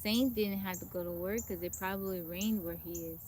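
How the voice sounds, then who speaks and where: Outdoors in a forest, a woman hosts a casual live stream, chatting with viewers, greeting them by name and reading out their comments. Her lowish voice is a little mellow with fairly even intonation, and she talks briskly. A little hiss or hum is audible.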